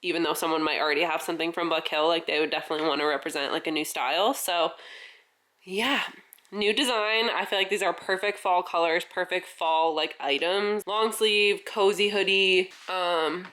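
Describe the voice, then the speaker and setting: Congested chatty woman vlogger, low voice. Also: fairly even intonation, moderate pace, a bit bright, echoey room. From New York. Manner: chatty, many "like" fillers. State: congested, a bit winded. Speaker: farm vlogger. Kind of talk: casual vlog.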